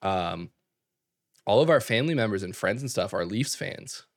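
Lively storytelling young man, dry mic. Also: on the low side, no room sound. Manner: animated storyteller, fast filler-heavy talk with laughs. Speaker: podcast co-host. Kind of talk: casual chat.

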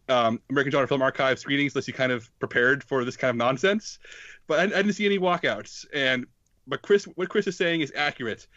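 A man's voice: on the high side, fairly bright tone, no echo, highs cut off. A man in a casual film talk, often restarting and repeating words. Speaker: film podcast co-host. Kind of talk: casual chat.

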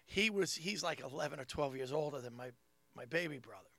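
High, gravelly, animated male storyteller. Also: fairly quick. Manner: animated storyteller who acts out family members with big jumps in pitch and loudness. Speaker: podcast co-host telling family stories. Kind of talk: casual comedic storytelling.

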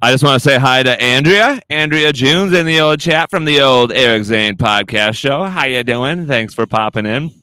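A man's voice: mid-range voice, lively intonation, normal speed, hardly any pauses, bright, forceful tone, clean tone, no room sound. A man hosting a casual podcast, rambling and swearing through a story. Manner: rambling, swears a lot, laughs at own stories. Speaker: podcast host. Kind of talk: casual profane chat.

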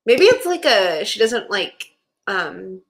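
A young woman co-hosting a casual rewatch podcast, animated and exasperated, saying "like" constantly. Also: mid-range voice, slow. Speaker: podcast co-host.

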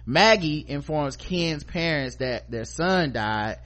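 A man hosting a podcast, recapping a TV episode in a casual, joking, animated way. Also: on the high side, takes it slowly. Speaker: podcast host.

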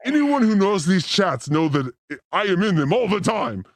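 A man's voice: sits high, big pitch swings, moderate pace, no echo, clean studio sound. A man hosting a podcast with a crude, theatrical, joking manner. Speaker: podcast host. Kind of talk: crude casual banter.

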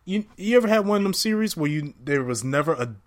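A man's voice: on the high side, lively intonation, quick pace. A man hosting a casual chat who speaks enthusiastically and stumbles over his words. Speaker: podcast host.

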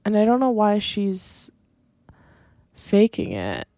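A woman in her twenties with a mellow, warm voice talks frankly and bluntly about a reality show, acting out quotes from the cast. She sits close to the mic in a dry, dead-sounding space. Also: medium pitch, huge pitch swings, slow pace, no echo. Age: 20s. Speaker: podcast co-host. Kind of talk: casual reality TV recap chat.

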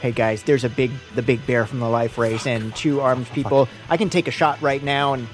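A man's voice: medium pitch, steady tone, normal speed, soft background music. A man playing a tabletop game, talking casually and hesitantly, with many fillers. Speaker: player.

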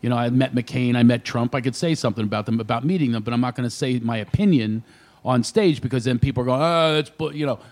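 A comedian guest telling stories on a radio show, full of energy and loud impressions of his friends. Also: mid-range voice, fast talker. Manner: animated storyteller, shouts impressions of friends. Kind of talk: casual radio chat, storytelling.

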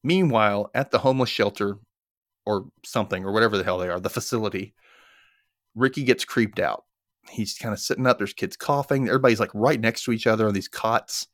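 A man hosting a podcast, casually recapping a TV episode with animated storytelling and casual swearing. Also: lowish voice, brisk, dry recording, studio quality. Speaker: podcast host.

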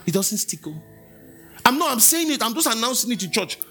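A Nigerian pastor preaches with a bright, forceful edge, and his pitch leaps and dips all over as he teases the congregation and chants scripture. Soft music sits faintly underneath him in the church. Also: brisk, creaky. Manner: lively, preaching with asides, chanted scripture and mimicry. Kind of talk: sermon.

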